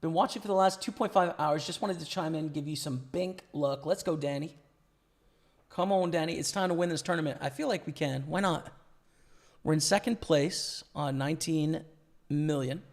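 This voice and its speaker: Gravelly young man streaming poker. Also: fairly high pitch. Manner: casual, chatty, thinks aloud about hands. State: losing his voice. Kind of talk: live-stream commentary.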